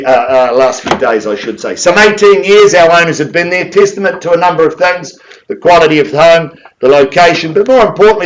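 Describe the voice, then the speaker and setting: A man with a New Zealand accent calling a live property auction in a room, mixing flowery sales patter with a rapid chant of bids. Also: mid-range voice, poor audio.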